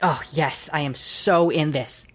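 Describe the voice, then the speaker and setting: A man co-hosting a casual podcast, playing along in a trivia round. He sounds eager and sure of himself and answers quickly. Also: on the high side. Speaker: podcast co-host and trivia contestant.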